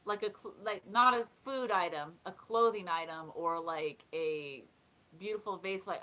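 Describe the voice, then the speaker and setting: A woman's voice: on the low side, normal speed, fairly bright tone, low-quality recording. A woman hosting a casual live chat, talking in a chatty way, often laughing and reading comments aloud. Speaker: live stream host.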